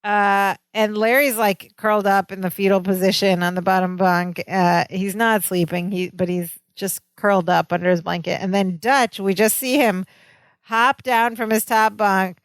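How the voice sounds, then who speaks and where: A woman co-hosting a podcast, retelling a sitcom episode in a lively, laughing, storytelling way. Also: mid-range voice, moderate pace, clean tone, no room sound. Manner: animated storytelling, laughs often. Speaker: podcast co-host. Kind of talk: casual chat recapping a sitcom episode.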